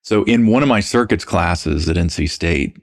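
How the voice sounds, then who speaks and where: Deep gravelly man. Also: normal speed. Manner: relaxed, anecdotal, uses "man" and "dude". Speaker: podcast guest. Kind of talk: casual storytelling interview.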